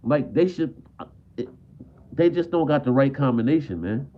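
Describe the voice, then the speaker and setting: A man's voice: medium pitch, expressive, moderate pace, long pauses, a little hiss or hum. A man ranting as a frustrated basketball fan on a live stream. He repeats himself and drops "man" at the end of almost every line. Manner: frustrated, repetitive, peppers talk with "man". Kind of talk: live stream sports rant. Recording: tinny phone-like audio.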